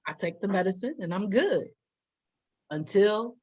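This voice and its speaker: A young adult woman co-hosting a podcast, telling a story in a lively way and acting out the quotes. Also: mid-range voice, measured pace, low-quality recording. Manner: animated storyteller, acts out quotes with loud laughs. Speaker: podcast co-host. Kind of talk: casual storytelling chat.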